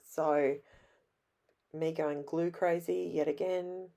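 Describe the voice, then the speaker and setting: A middle-aged Australian woman with a hoarse, raspy voice, chatting in a rambling, self-deprecating way as she narrates her scrapbooking. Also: fairly low pitch, slow pace, pauses often, a little mellow. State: hoarse from illness. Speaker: scrapbooking vlogger. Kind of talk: casual voice-over narration.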